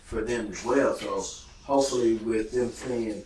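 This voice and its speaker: A man's voice: on the low side, steady tone, a little slow, darkish tone, far from the mic. A man reflecting thoughtfully in a casual conversation. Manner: reflective, agreeing. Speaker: host. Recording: echoey room from afar, faint noise.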